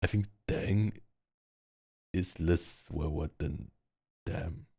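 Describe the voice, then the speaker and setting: A man's voice: deep voice, extremely slow, dark tone, dry recording, clean studio sound. A man with a German accent, chatting casually in a virtual world and rambling with lots of fillers as he practices word sounds. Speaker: VR social game player. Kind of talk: casual chat. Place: online virtual world, speaking from home.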